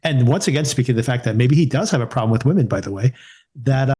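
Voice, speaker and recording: A man co-hosting a podcast, chatting casually about a TV series and quoting scenes in animated voices. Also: medium pitch, fast, slightly rough. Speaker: podcast co-host. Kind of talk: casual TV recap chat.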